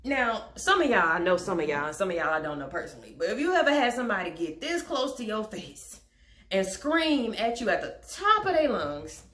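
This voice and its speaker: A woman's voice: mid-range voice, sing-song, a little fast, a bit bright. A young woman in a casual storytime vlog, candid and chatty, with frank swearing and wry laughs. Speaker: vlogger telling a personal story. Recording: echoey room.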